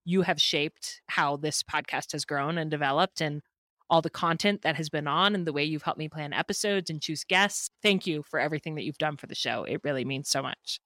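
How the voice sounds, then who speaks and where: A woman's voice: low voice, fairly quick, a bit bright, dry recording, studio quality. A woman hosting a podcast interview, speaking in an affirming, encouraging way. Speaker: podcast host.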